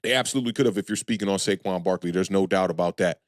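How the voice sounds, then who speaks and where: A man hosting a live sports talk stream, talking loosely and frankly to chat viewers and shouting them out. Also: low voice, very fast, no echo, clean studio sound. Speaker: sports channel host.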